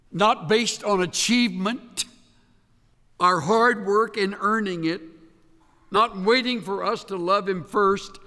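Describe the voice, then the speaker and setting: Male pastor preaching, high voice, long reverb of a big hall, emphatic, voice sinks quiet at the end of phrases. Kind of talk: sermon.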